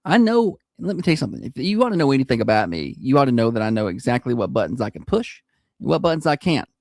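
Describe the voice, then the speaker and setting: A man's voice: mid-range voice, big pitch swings, quick pace, darkish tone, dry recording, clean studio sound. A man hosting a radio morning show, joking and teasing his co-host in casual banter.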